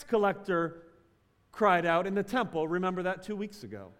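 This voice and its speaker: A male pastor delivering a sermon, moving between loud emphatic bursts and quiet, drawn-out phrases. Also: high-pitched, expressive. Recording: long hall reverb.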